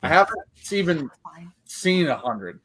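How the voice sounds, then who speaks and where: A man hosting a relaxed whiskey chat, talking in an animated way and swearing freely. His voice sits a little high, and he laughs often between points. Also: unhurried, husky, low-quality recording. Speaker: podcast host.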